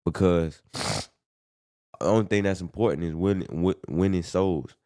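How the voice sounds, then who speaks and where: Very deep-voiced man giving testimony. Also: unhurried, very noisy. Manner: earnest, slangy, rambling. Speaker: podcast guest giving testimony. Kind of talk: casual conversation.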